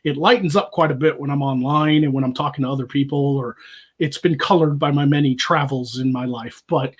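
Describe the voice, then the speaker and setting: Husky man with a light Southern accent. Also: mid-range voice, fairly quick. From Arkansas, US. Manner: laughing, rambling, swears a lot. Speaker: guest. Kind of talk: casual podcast chat.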